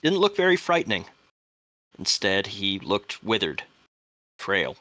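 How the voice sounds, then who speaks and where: A man acting as game master, giving a dramatic first-person statement reading in a measured way that drops to hushed tones at the tense moments. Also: fairly low pitch, sing-song, dry recording.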